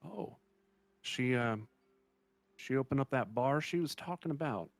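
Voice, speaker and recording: A man voicing a fatherly old innkeeper in a tabletop game, halting and rambling with many fillers. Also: mid-range voice, expressive, creaky, no echo, voice pushed up. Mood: wistful.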